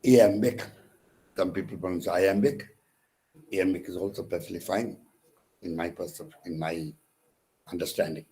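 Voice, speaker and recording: A man's voice: low-pitched, flat delivery, a little fast, a little mellow, rough recording. A man with an Indian English accent, a counsellor lecturing on poetic meter, repeating phrases and scanning verse aloud with restarts. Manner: restarts mid-word, fillers like uh and okay. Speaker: counsellor for distance learners.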